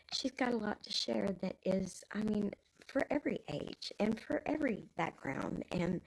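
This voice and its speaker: A woman's voice: mid-range voice, vocal fry, darkish tone, poor audio. A Texan woman in her fifties with grandkids, rambling casually in folksy talk as a live stream host. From Texas.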